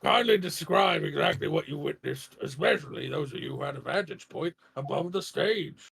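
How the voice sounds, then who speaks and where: A man voicing a stern, formal courtroom judge in a game dub, speaking in a measured way. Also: on the high side, lively intonation, gravelly, a bit bright, husky, exaggerated voice.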